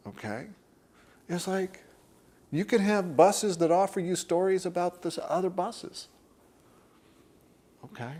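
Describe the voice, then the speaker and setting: A man's voice: high voice, animated, normal speed, long pauses, darkish tone. A man teaching a workshop group in a conversational way. He often checks in with "okay?" and acts out inner voices while he explains.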